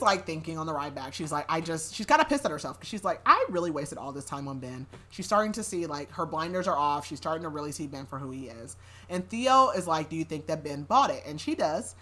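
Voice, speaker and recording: A young adult woman on a podcast, recapping a novel in casual chat, chatty and quick to laugh, leaning on "like" constantly. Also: fairly low pitch, fairly bright tone. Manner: chatty, laughing often, heavy use of "like".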